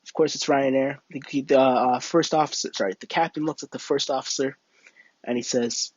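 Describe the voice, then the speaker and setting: A man's voice: medium pitch, steady tone, moderate pace, breathy edge, no echo, muffled recording. A young man streaming a flight game, telling a rambling made-up story and chatting with viewers, full of fillers and restarts. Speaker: livestream gamer. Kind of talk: casual live-stream chat and storytelling.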